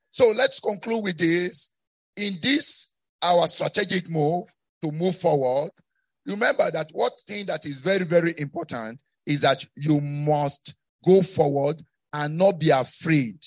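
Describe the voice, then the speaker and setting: A middle-aged man from West Africa, preaching a sermon in call-and-response style, repeating phrases and building to shouts. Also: a little high, a little slow. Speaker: pastor.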